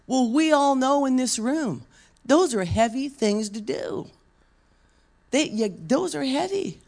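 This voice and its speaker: A woman's voice: high-pitched, lively intonation, takes it slowly, vocal fry, darkish tone. A woman preacher delivering a conversational sermon, asking the room questions and acting out quoted voices.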